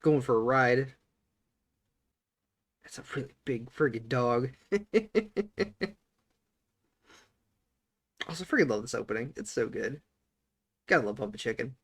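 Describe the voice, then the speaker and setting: A man reacting to an anime episode in relaxed, chuckling chat. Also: mid-range voice, slow pace, pauses often. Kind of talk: casual chat.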